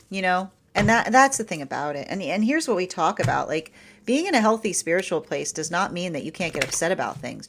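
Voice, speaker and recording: A woman giving a casual tarot and astrology reading, rambling with frequent laughs and restarts. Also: fairly low pitch. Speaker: tarot reader.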